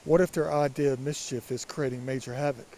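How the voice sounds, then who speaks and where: A man with a raspy, allergy-stuffed voice, musing and rambling in a casual vlog by a creek. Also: medium pitch, steady tone, brisk, dark tone, slight background noise. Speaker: vlogger. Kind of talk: casual walking vlog monologue. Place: outdoors by a creek.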